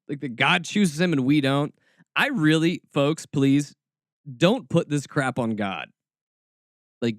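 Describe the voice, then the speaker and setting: Medium-pitched and clean in tone, this podcast host rails sarcastically with animated exasperation. The studio audio is clean, with no echo.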